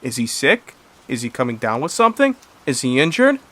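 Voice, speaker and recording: A man's voice: medium pitch, sing-song, a little fast, fairly bright tone. A man doing a worried cartoon asparagus dad.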